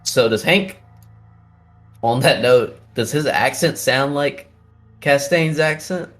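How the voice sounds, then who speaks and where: A man's voice: mid-range voice, slow pace, faint music behind. A man playing a tabletop game, speaking casually and hesitantly. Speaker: player.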